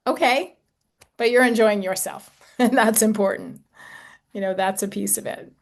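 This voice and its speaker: A woman in her sixties, an intimacy coach talking gently and reflectively to a group, with casual fillers. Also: mid-range voice, normal speed. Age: 60s. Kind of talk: talk to a group.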